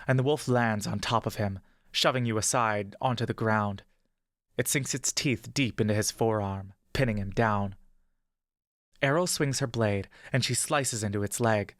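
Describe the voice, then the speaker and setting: A man narrating a fantasy adventure story in the second person, with steady, measured pacing. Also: on the low side, no echo, clean studio sound.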